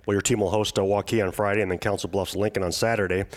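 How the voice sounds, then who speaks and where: A man hosts a local podcast interview at a brisk clip, his voice sitting low. He talks in a relaxed, chatty way, slipping "you know" in between phrases. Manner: conversational, uses filler "you know" often. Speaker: podcast host.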